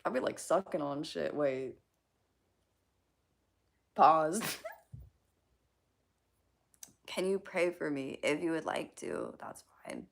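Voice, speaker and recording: Woman streamer reading chat, gravelly voice, giggly, loose and swearing, lively pitch. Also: slow pace, long pauses. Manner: giggly, reads chat aloud, swears casually. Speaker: live streamer. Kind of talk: casual live-stream chat.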